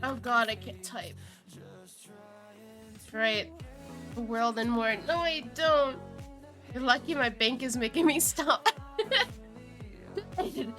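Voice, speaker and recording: A high, bright-toned woman chatting on a live game stream, taking her time with her words. She is giggly and flustered and keeps breaking into laughter. Faint music plays behind her. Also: takes it slowly, pauses often. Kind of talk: casual live-stream chat.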